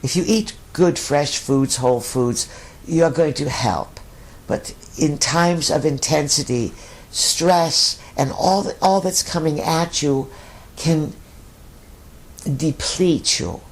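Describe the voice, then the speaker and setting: A man's voice: a little high, takes it slowly. A man speaking as a collective voice in a channeling session, using emphatic, repeated lists. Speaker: channeled speaker answering questions.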